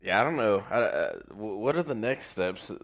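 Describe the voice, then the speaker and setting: Man, low voice, casual joking chat, dull lo-fi recording. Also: expressive, moderate pace. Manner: joking, acts out imagined dialogue. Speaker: podcast co-host. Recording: dull lo-fi audio.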